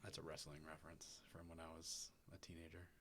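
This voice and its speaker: A man's voice: extremely low pitch, monotone, a little fast, a bit bright, slight background noise. A man co-hosting a casual show, teasing his partner with playful exasperation. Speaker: podcast co-host. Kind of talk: casual banter.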